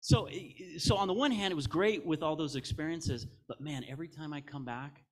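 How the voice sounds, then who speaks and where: A man's voice: a little high, brisk. A middle-aged American man giving a conference keynote on stage, candid and jokey, telling stories with quoted asides. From United States. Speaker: keynote speaker.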